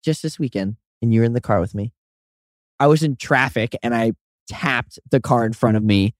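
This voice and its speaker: A man in his twenties co-hosting a podcast in casual chat, telling stories with lively high-voiced impressions of people. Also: normal speed, no room sound, clean studio sound. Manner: animated storyteller, does high-pitched impressions of others. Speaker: podcast co-host.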